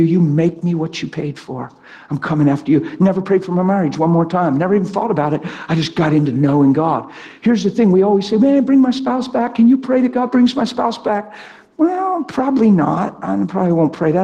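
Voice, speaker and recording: A man preaches in a high, ringing voice. He tells a personal story with spontaneous emphasis, jumping into acted-out quotes from people in the story. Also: warm tone. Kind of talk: sermon with personal testimony.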